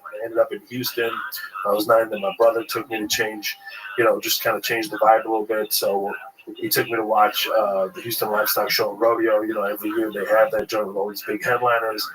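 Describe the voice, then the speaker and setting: A man in casual interview talk, telling his life story as a stand-up comedian, animated and profane, originally from Kuwait. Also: rough recording. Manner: animated storyteller, jumps high when acting out his younger self. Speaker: guest comedian.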